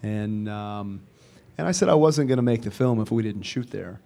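A man who wrote and directed a film, answering interview questions in a measured, deliberate way. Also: on the low side, gravelly, mellow. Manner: measured, deliberate, with occasional fillers.

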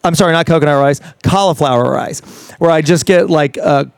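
Smooth, upbeat man chatting animatedly. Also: a little high, brisk, no room sound, studio quality. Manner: enthusiastic, rambling with many restarts. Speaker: fitness trainer guest. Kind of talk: casual interview talk.

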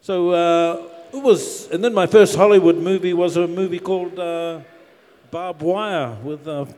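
A man from New Zealand with a slightly high voice tells stories about his work at an easy pace, full of ums and uhs. His voice carries a long hall reverb from the venue. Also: measured pace. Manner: relaxed storyteller, self-deprecating, lots of uh and um. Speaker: actor. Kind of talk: panel Q&A answers.

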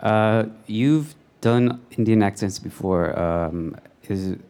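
Deep-voiced man asking a hesitant question. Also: dark tone. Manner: hesitant, halting. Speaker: audience member asking a question.

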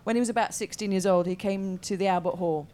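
A woman filmmaker in an interview, telling a lively anecdote and acting out the quotes. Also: medium pitch, fast. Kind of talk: casual interview chat.

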